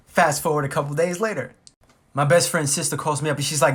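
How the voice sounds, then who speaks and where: A man telling a story on his vlog in an animated, profane, comic way. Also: on the high side, fast, slightly rough. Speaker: vlogger.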